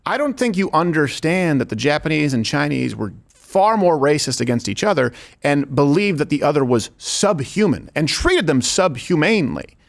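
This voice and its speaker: Animated male talk show host. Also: a little high, moderate pace, vocal fry. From United States. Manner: lively, joking, laughs often. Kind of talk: casual political talk show banter.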